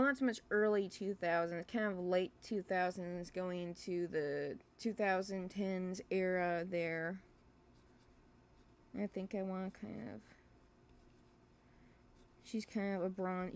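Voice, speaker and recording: A woman chats casually on her own livestream about the comic she makes, thinking out loud. She rambles and hesitates, restarts her sentences and apologizes for herself, in a voice of middling pitch for a woman. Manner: self-deprecating, apologetic. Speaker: webcomic creator streaming live.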